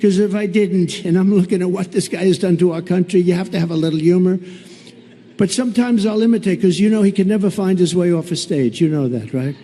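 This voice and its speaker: A man's voice: sits high, a little fast, warm tone. Blunt, sarcastic man speaking in a big hall. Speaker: political candidate at a rally. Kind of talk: rally speech. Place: large rally venue. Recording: long reverb of a large hall.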